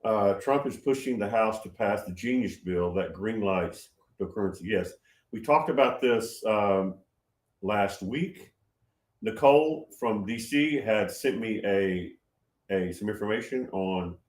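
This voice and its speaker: An older man in his seventies talks through viewer comments on his stream. He gets loud when he's excited and often stops to restart his sentences. His voice sits a bit low, and the room around him echoes. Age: 70s. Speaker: livestream host answering chat. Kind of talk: casual livestream talk.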